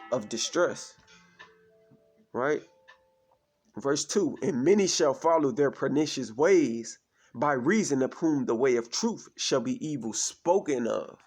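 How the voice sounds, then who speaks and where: Male preacher, fairly high voice, verse-by-verse teaching with a call-and-check refrain. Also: darkish tone. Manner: repeats "you understand me?" as a refrain; reads verses aloud, then explains them. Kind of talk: scripture teaching.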